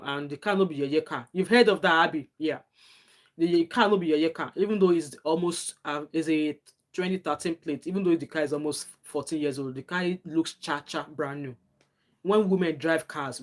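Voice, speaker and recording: Nigerian lady chatting on her live stream, middle-aged, talks a lot, gets preachy. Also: deep voice. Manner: chatty, preachy, reads out viewer comments. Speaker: live-stream host, nurse. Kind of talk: casual live-stream chat.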